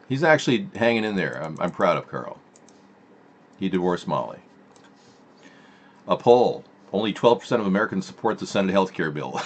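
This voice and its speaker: A man's voice: deep voice, big pitch swings, moderate pace, long pauses. A man hosting a casual political live stream, reading out headlines and muttering his reactions.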